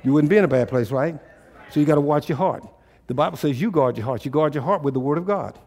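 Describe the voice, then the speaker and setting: A man preaching to a congregation, calling out questions and waiting for answers. His voice sits fairly high and climbs into loud, urgent pleading. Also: quick pace. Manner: call-and-response preaching, rising to loud exhortation. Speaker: pastor. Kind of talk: sermon.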